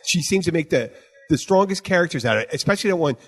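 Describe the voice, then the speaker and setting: A man chatting casually as co-host, animated and ranting, swearing freely. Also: a little high, fast talker. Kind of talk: casual chat.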